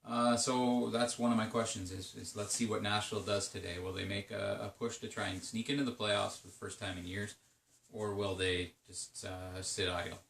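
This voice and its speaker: A man's voice: on the low side, flat delivery, normal speed, gravelly, fairly bright tone, reverberant, distant mic, a little hiss or hum. A man talking through his league's trade-deadline day in a rambling, casual solo commentary, full of fillers and restarts. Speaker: video game league commentator.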